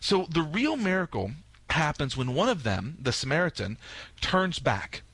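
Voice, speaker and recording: A priest talking through a gospel reading on a radio show, animated and storytelling, acting out quoted lines. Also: male voice, a little high, moderate pace, husky, dry recording. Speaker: priest, guest commentator. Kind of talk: radio talk on scripture.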